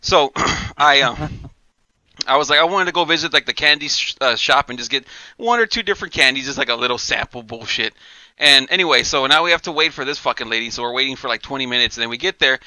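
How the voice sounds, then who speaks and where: This podcast co-host talks fast at a medium pitch, spinning a long, foul-mouthed yarn and voicing the people in it with lively energy. The audio is dry but low in quality.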